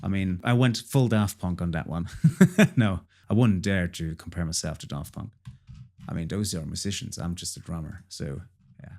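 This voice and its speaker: Speaking at a normal speed in a low, darkish voice, a man casually explains his own song project as its producer. His tutorial is chatty, loops back on itself, and is full of fillers.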